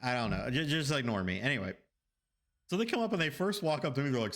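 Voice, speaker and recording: A man's voice: lowish voice, expressive, fast talker, a bit bright. A man streaming games, telling a story casually with rambling, profane asides to his chat.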